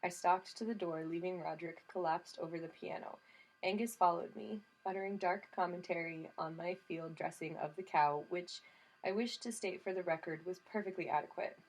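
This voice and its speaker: Lowish woman, wry audiobook narration. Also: moderate pace. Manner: wry first-person storytelling. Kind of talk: scripted narration.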